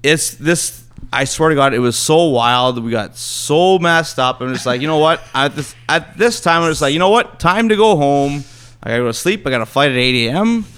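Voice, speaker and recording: A young man from Thunder Bay tells loose, rambling stories as a podcast guest. He keeps circling back with "so anyways" and puts on the voices of the people in them. His voice sits at an average pitch. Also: lively intonation, moderate pace, a bit bright, clean tone. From Thunder Bay, Ontario, Canada. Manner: rambling, restarts with "so anyways", acts out quotes. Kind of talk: casual storytelling.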